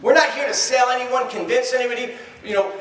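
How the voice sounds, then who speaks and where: A man giving a live motivational seminar talk, animated, acting out little dialogues and quizzing the crowd. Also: extremely high pitch, fast. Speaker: motivational trainer. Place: large event hall. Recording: echoey hall from far off.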